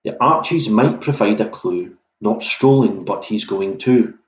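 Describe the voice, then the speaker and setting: A man's voice: on the low side, unhurried, a little hiss or hum. A man hosting an online pub quiz in a casual, jokey way, swearing freely as he reads out questions. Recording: roomy, dull lo-fi room sound.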